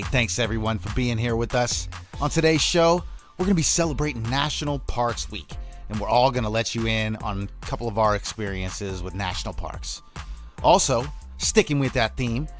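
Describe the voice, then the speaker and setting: A man's voice: medium pitch, a bit bright. A man hosting a podcast, laid-back, swearing freely in casual chat. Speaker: podcast host.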